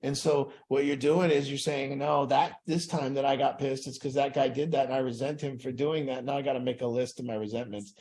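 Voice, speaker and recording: An earnest man talks through an addiction recovery group session, his voice at an ordinary middle pitch. He speaks reflectively to a small group in a room. He slips into the inner voices he describes. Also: level tone, fairly quick, hardly any pauses, darkish tone.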